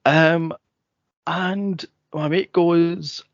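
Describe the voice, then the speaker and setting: A Scottish man with a slightly higher voice tells a story in a casual chat. He is animated and loose, swears freely, and laughs through his own tale. The recording is dry and close, with a muffled lo-fi quality. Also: very slow, dry recording. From Scotland. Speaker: podcast co-host.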